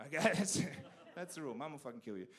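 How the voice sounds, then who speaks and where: An Australian man doing stand-up on a theatre stage, telling stories animatedly and punching up the big lines loudly. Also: on the high side, fast. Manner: animated storytelling with sudden loud punchlines. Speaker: stand-up comedian. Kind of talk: stand-up comedy set.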